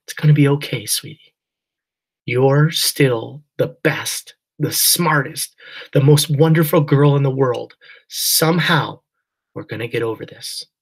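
Man doing a gentle helpless mother. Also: mid-range voice, a little slow, creaky, slightly rough, pitched above the performer's own voice. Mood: tender.

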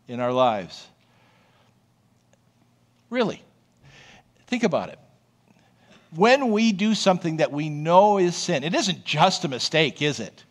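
A man who is a pastor, preaching a sermon in a conversational, storytelling way and often checking in with the congregation. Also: on the high side. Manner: storytelling, animated.

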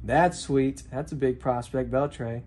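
A man opening packs of sports cards on camera, breaking into bursts of excited exclamations between quick comments on each card. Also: mid-range voice.

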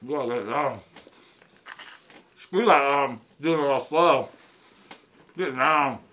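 A man's voice: mid-range voice, takes it slowly, sharp tone. A man with an Ohio accent chatting casually on a food challenge vlog while gasping and groaning through burning heat. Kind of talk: casual chat.

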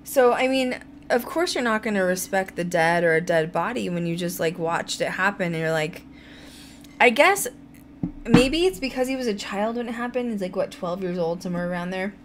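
A woman's voice: medium pitch, normal speed. Woman podcast host, fired up and ranty, laughs a lot, faint hiss behind her. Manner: animated, ranting, laughs often. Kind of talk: casual chat.

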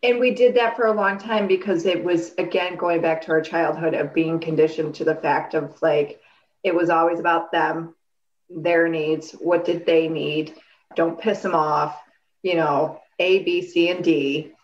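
A woman in her late thirties co-hosting a podcast, chatting casually in a blunt, profane, animated way. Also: low-pitched, a little slow, muffled recording. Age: 30s. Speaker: podcast co-host. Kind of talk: casual chat.

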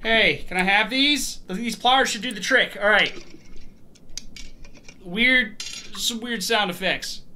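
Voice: medium pitch, slow, pauses often, slight background noise. A gaming host giving let's play commentary on a horror game, talking to the objects on screen and swearing and yelping at the scares. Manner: excitable, swears and shouts at scares.

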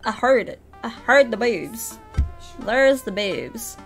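Casting: young New woman, streamer, bright slightly high voice, slow unhurried delivery, giggly and chatty, soft music under. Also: sing-song. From New Zealand. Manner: giggly, chatty with viewers, reads game lines in a playful voice. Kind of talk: live game stream, reading dialogue aloud.

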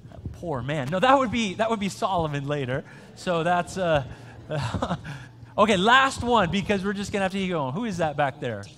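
A male pastor quizzes the young people during a conversational sermon in a church sanctuary, chatty and joking with frequent restarts. His high-pitched voice is expressive and a bit bright at a moderate pace, with long church-hall reverb and slight background noise.

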